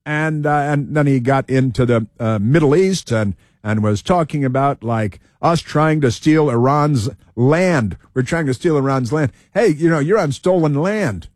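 A man's voice: fairly high pitch, unhurried, a little mellow, no room sound, studio quality. A man hosting political commentary, reading news aloud with sarcastic asides, fillers and restarts.

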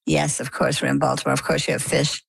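A middle-aged woman from Maine tells her story as a guest, in a low voice with a gravelly edge. She talks casually and brings the quoted voices in her story to life. Her voice is recorded close and dry. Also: fast talker, dry recording, poor audio. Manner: animated storyteller, acts out quoted dialogue. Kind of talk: conversational storytelling.

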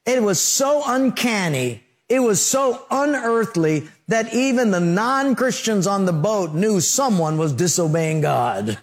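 A man preaching a sermon, telling stories with lively sound effects. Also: high-pitched, a little slow, few pauses. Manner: animated storytelling with sound effects. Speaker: pastor.

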